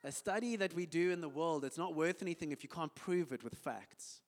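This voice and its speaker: A man's voice: a little high, brisk. A man with a South African accent preaching a sermon in a church, acting out little everyday conversations as he talks. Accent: South African English. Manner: animated preaching, acts out little dialogues. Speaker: pastor. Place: church hall. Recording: church hall reverb.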